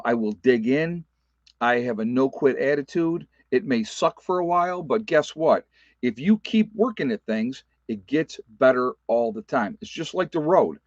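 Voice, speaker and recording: A man's voice: medium pitch, expressive, measured pace, no echo, muffled recording. A man talking casually to his viewers in a folksy, emphatic way, often repeating himself and using fillers. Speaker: prepper vlogger. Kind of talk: casual chat to viewers, reading live comments. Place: rural off-grid homestead.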